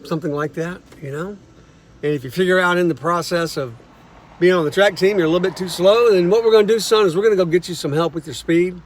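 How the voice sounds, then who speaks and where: A man's voice: high voice, fast, a little hiss or hum. Folksy man telling songwriting stories. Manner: folksy, acts out quoted voices. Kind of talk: casual storytelling monologue.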